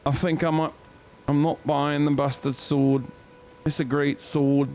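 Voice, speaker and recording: A laid-back man streams a video game and chats with his viewers, swearing freely. He speaks slowly in a fairly high voice. Soft game music sits in the background. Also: little pitch movement, vocal fry. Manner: laid-back, profane, talks to chat. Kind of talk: casual gaming commentary.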